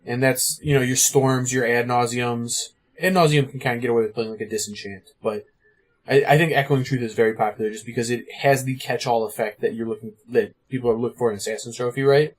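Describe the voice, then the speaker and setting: A man's voice: medium pitch, steady tone. Chatty man hedging with "like". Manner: fast, filler-heavy, lots of "like" and "you know". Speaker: podcast co-host. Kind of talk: casual strategy chat.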